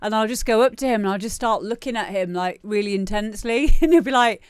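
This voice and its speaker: Brief: female stream host, smooth clear voice, dry close sound, loose giggly chatter. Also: mid-range voice, fast talker, no echo. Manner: chatty and giggly, rambling with many fillers. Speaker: livestream show host. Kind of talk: casual livestream chat.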